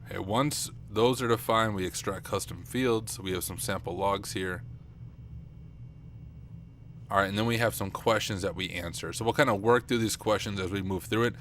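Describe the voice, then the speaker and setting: A young man streaming live at night and thinking aloud as he works, chatty and self-deprecating with viewers, his voice getting rough. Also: fairly low pitch, normal speed, fairly bright tone, slight background noise. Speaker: streamer, penetration tester. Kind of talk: casual live-stream talk while working. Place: home computer room at night.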